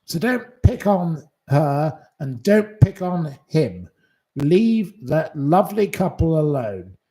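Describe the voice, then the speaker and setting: A man's voice: fairly high pitch, sing-song, slow pace, dark tone. A man hosting a live stream, indignantly scolding commenters in blunt, profane, repetitive retorts. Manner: repeats short dismissals.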